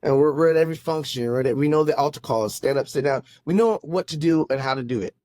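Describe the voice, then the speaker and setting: A pastor telling his own faith story in a podcast conversation, earnest and halting, often restarting his sentences. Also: on the high side, a little mellow, no echo. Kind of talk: casual testimony in a conversation.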